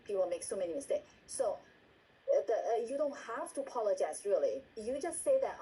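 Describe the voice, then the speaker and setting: Mellow-voiced woman coaching on a video call. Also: mid-range voice, big pitch swings, a little fast, a little hiss or hum, rough recording. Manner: repeats words, asks "right?" often, acts out example lines. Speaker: meeting trainer. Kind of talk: instructional talk on a video call.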